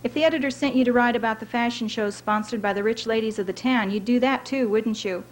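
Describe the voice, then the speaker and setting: A woman's voice: fairly high pitch, fast talker, close to an everyday voice, low-quality recording. A woman reading aloud voices a folksy male bus driver who teases in a drawl and calls people darlin'. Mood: needling.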